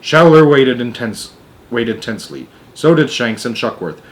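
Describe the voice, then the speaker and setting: A man's voice: mid-range voice, lively intonation, measured pace. Man reading a children's book aloud. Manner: plain narration with joking asides. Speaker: storyteller.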